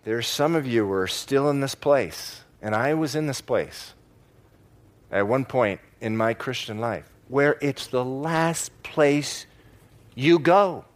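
A man preaching a sermon to a congregation in church, stressing key words by slowing down and repeating phrases. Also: mid-range voice, animated. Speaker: pastor.

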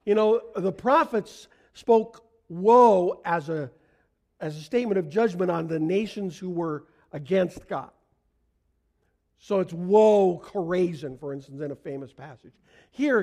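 A middle-aged male pastor preaching a sermon in a church, earnest, going soft in prayer and rising on emphasis. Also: high voice, measured pace. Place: church sanctuary.

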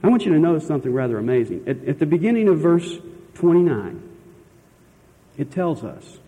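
A man's voice: on the high side, sing-song, brisk, mellow, long reverb tail, poor audio. A man preaching a sermon as pastor, earnest and emphatic, stretching key words and asking the listeners questions. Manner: asks the listeners rhetorical questions.

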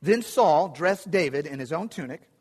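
A man's voice: fairly high pitch, expressive, normal speed, breathy edge. A man preaching a sermon, retelling a scripture story in a conversational way with vivid asides. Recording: echoey hall.

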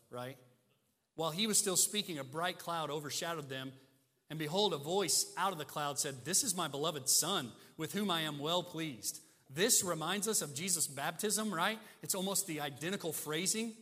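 A male pastor preaching with a bright, forceful voice set a little high. He leans on rhetorical questions and swings from ringing emphasis to hushed asides. A long reverb trails each phrase in a big church hall. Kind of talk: sermon.

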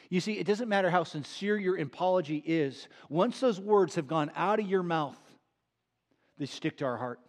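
A middle-aged male pastor delivering a sermon in a slightly high voice. He is earnest and emphatic, and he leans on repetition. He slows right down to draw out the phrases he wants to land. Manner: earnest, emphatic preaching with slow drawn-out key phrases and repetition.

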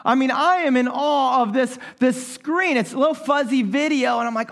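A male pastor delivers a sermon in a notably high voice. He tells stories in a lively, animated way, acting out his own reactions as he goes. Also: moderate pace, few pauses.

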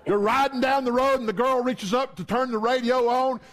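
Male preacher, high voice, chatty storytelling sermon style. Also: steady tone, a little fast, a bit bright. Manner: conversational, storytelling with humor.

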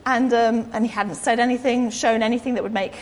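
A woman's voice: on the high side, steady tone, brisk, darkish tone. A woman giving an informal, rambling, self-deprecating sermon in a church hall. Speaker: preacher. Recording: echoey hall.

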